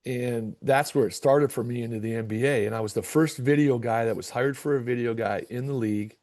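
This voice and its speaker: A middle-aged man with a gravelly, mellow voice spins a story for a podcast interview. He acts out both sides of old conversations, stumbling and repeating words as he goes. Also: mid-range voice, fairly quick. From Michigan. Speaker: basketball coach, guest.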